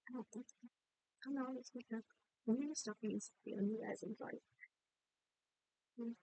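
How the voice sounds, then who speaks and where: A woman's voice: a little high, fairly even intonation, moderate pace, vocal fry, warm tone, no room sound, low-quality recording. A young woman, a college student, chatting candidly in a rambling, apologetic way as she narrates her game build, sounding worn out. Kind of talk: casual voice-over chat over a game build. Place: at home by a laptop.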